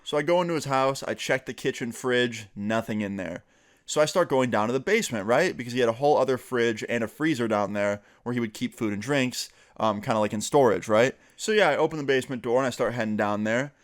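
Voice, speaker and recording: Young male vlogger, casual storytime, chatty, filler-heavy, mid-pitched voice. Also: brisk. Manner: chatty, filler-heavy, acts out quoted friends.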